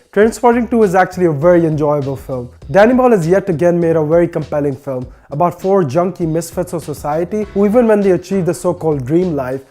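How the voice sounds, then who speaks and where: A man's voice: fairly high pitch, dark tone. A man hosting a film review channel, narrating a scripted review with earnest enthusiasm and chatty asides. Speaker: movie reviewer, channel host.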